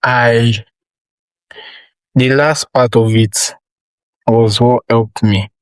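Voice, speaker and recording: Young Nigerian male podcast host; loose, animated, restarts a lot; mid-pitched, dry room. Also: extremely slow, no echo, low-quality recording. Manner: rambling, animated questions with frequent restarts. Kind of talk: casual interview chat.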